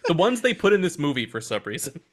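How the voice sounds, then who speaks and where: A man's voice: on the high side, sing-song, fast. A man on a podcast trading sarcastic jokes in a casual movie review. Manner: wisecracking, sarcastic asides. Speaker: podcast co-host.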